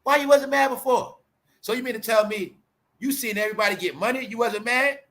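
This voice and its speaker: Man, channel host, high bright voice, combative profane rant at the audience, jabbing repetition. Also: a little fast. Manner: confrontational, profane, mocking, repetitive; raises voice to near shouting at times. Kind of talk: ranting commentary to viewers.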